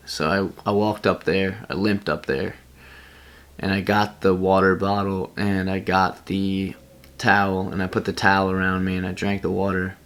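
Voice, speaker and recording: A man's voice: sits low, little pitch movement, moderate pace, a bit bright. A young man from Pennsylvania telling a rambling personal story to camera, laughing at himself along the way. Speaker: vlogger. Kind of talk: casual storytelling.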